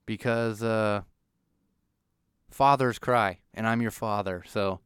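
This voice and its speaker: Ranting man with a crisp, dry voice. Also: fairly low pitch, slow, dry recording. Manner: animated ranting, swearing, mock-outraged. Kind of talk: ranting monologue.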